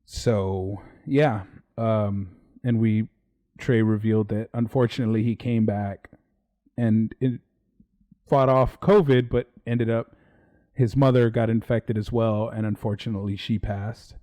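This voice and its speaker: A man's voice: lowish voice, steady tone, a little slow, dark tone. A man co-hosting a podcast in casual, rambling live-stream chat. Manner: laid-back, rambling, swears casually. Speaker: podcast co-host.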